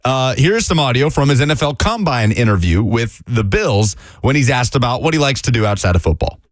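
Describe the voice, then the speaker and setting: A man co-hosting a sports radio show, talking through football news in an animated, conversational way on a studio microphone. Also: mid-range voice, brisk, no echo. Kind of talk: casual sports radio chat.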